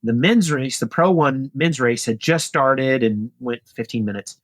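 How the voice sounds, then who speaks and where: A man in his forties tells a story as a podcast guest in a lively, casual way. He acts out the dialogue by pushing his voice up high, then drops back to a mid-pitched telling voice. The sound is close and dry, with no room around it. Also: unhurried, no room sound. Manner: animated, acts out dialogue in a raised voice. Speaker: podcast guest, retired pro cyclist.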